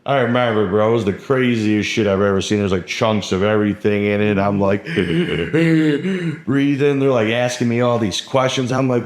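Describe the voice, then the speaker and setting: A young man with a fairly low voice tells his story casually, rambling along with constant fillers and a lot of swearing. The recording has a roomy, echoing sound around him. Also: normal speed. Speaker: guest telling his story. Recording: roomy echo.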